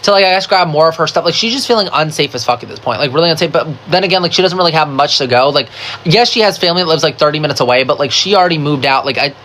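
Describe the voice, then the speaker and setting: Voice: mid-range voice, rapid-fire, slight background noise. A storyteller in a casual storytime video. They swear a lot, fill every sentence with "like," and retell the story dramatically, acting out what other people said. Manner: chatty, swears a lot, constant "like" fillers; dramatic, animated retelling with quoted voices.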